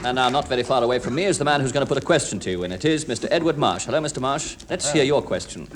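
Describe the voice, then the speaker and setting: A man's voice: mid-range voice, animated, racing, crowd noise. A man chairing a radio comedy panel, introducing guests and questions politely in an announcer's manner. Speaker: quiz show chairman. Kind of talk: scripted radio panel hosting. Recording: noisy 1960s radio recording with audience.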